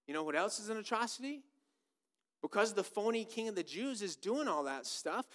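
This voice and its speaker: A man's voice: high-pitched, expressive, brisk, fairly bright tone. A man preaching a sermon, emphatic and full of repeated rhetorical questions.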